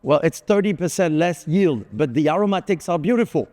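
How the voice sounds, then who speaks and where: A man's voice: a little high, lively intonation, fairly quick, darkish tone. A middle-aged man giving a conference keynote, telling anecdotes in a chatty way with lots of fillers. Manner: anecdotal, conversational, with frequent fillers. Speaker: keynote speaker. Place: large conference hall. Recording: reverberant hall.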